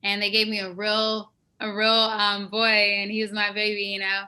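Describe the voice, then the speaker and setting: A woman's voice: medium pitch, completely flat delivery, moderate pace, bright, forceful tone, clear, resonant tone. A woman actress from West Africa, telling stories from her career in a casual, enthusiastic interview. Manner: enthusiastic, storytelling, restarts often.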